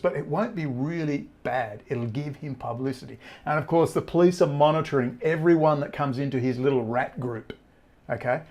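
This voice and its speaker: A man's voice: on the high side, normal speed, darkish tone. Ranting man. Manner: ranting, emphatic, with repeated phrases. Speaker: online commentator. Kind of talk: direct-to-camera monologue.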